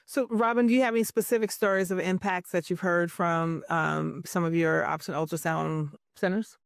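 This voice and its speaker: A woman's voice: fairly low pitch, fairly even intonation, normal speed, gravelly, no echo, studio quality. A woman hosting a podcast interview, introducing her guest and offering affirming replies. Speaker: host.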